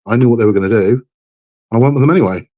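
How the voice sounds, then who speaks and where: A man's voice: mid-range voice, racing, warm tone. A man hosting a live model-building stream, chatting casually and frankly, rambling and repeating himself, tired and under the weather. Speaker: livestream host building a model kit.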